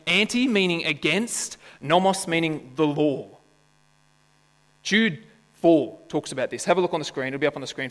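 Speaking in a slightly high, fairly bright voice, this pastor delivers a sermon to his church. He keeps it conversational and playful, often quizzing the congregation and cracking jokes, while the hall echoes long and a mains hum sits underneath.

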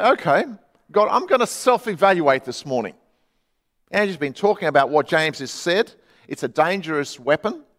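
Male pastor preaching in a hall. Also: fairly high pitch. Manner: conversational, swings from loud to hushed. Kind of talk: sermon. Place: church.

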